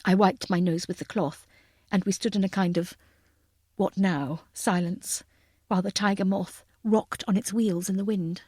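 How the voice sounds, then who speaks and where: A woman narrating a novel in the first person, in a wry, lively storytelling manner. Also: mid-range voice, moderate pace, husky, no room sound, clean studio sound. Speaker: audiobook narrator.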